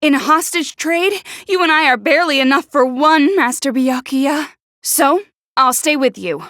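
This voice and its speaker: A woman voicing a prickly, sharp-tongued teenage girl in a video game, who stutters when flustered. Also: high-pitched, normal speed, no echo, clean studio sound. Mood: exasperated. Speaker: game character.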